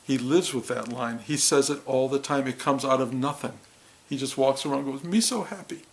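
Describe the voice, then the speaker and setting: A man's voice: medium pitch, level tone, low-quality recording. Earnest man giving a spiritual talk. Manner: earnest and heartfelt, in short halting phrases. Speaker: spiritual teacher. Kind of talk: reflective spiritual talk to a gathering.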